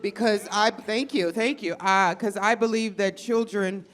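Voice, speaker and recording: A woman from Chicago doing a stand-up set, brash and profane, swinging from deadpan asides to loud outbursts. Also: mid-range voice, measured pace. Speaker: stand-up comedian and teacher. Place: comedy club stage with audience.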